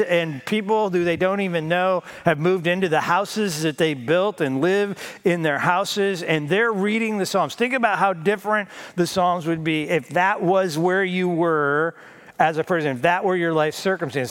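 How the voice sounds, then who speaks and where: A male pastor giving a conversational sermon with a self-deprecating sense of humor. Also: sits high.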